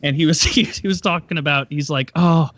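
A man's voice: a little high, fairly quick, a bit bright, no echo, lo-fi sound. A man co-hosting a podcast in casual chat, telling loose stories with crude jokes. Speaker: podcast co-host.

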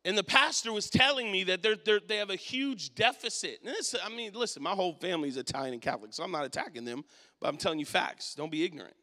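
A man preaching a sermon and telling a personal story, his voice swinging from quiet to loud. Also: high voice, lively intonation, fast, big-room sound.

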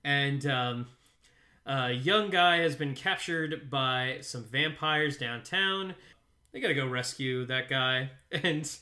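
A man's voice: mid-range voice, takes it slowly, bright, forceful tone. A man co-hosting a podcast, recapping an episode in casual, rambling chat with lots of fillers and frequent laughter. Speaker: podcast co-host.

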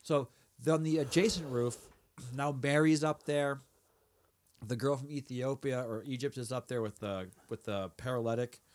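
A man's voice: mid-range voice, normal speed, darkish tone. A man co-hosting a podcast, walking through a TV episode scene by scene and quoting the characters. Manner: retells scenes step by step with quoted lines, casual fillers. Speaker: podcast co-host. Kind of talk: casual discussion of a TV episode.

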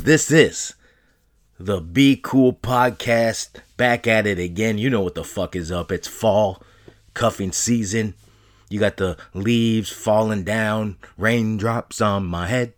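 A man in his thirties from northern New England hosting a podcast, rambling in a profane, joking, boastful way. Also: fairly low pitch. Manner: profane, rambling, jokey bravado. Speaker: podcast host. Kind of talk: casual podcast monologue.

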